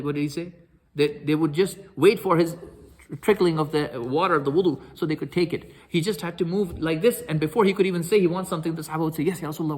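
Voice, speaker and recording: Fast-talking man giving an animated lecture. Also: medium pitch. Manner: animated, acts out quoted speech with sudden loud outbursts. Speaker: Islamic lecturer. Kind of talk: storytelling lecture.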